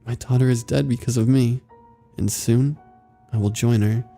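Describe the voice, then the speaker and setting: A man reading a horror story aloud in a steady, somber scripted narration. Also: mid-range voice, moderate pace, creaky, soft background music.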